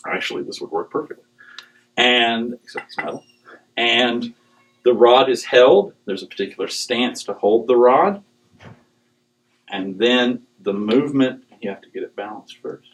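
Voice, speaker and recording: A middle-aged man giving a humorous talk to a live audience, animated and joking, with digressions and acted quotes. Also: medium pitch, unhurried, low-quality recording. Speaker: speaker on dowsing.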